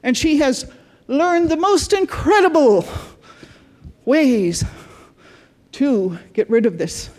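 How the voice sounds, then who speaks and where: A woman's voice: high voice, expressive, slow pace, a little mellow. A woman giving a conference talk, telling client stories earnestly in short phrases. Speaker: conference speaker.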